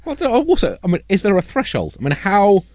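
A man co-hosting a comic news podcast, spinning rambling and absurd tangents. His voice is lively and animated, and the recording is very dry and close. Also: high voice, fast, no echo. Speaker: co-host.

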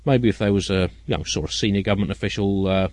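A man's voice: lowish voice, quick pace, darkish tone, no echo. Rambling male podcast co-host. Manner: rambling, absurd riffs. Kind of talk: comedic news podcast.

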